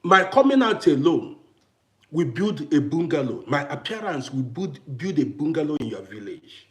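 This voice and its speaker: Vlogger, male, parent of adult kids: high voice that swings widely, hammers each point home. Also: very animated, moderate pace. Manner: emphatic, repetitive, challenging. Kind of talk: ranting to camera. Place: living in Austria.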